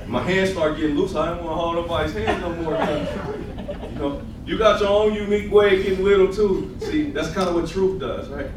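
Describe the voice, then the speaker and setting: A man preaching a sermon and telling his own testimony, acting out scenes and laughing as he goes. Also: fairly high pitch. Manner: animated storyteller, acts out scenes, laughs often. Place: church sanctuary. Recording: echoey church, mic from a distance, faint room noise.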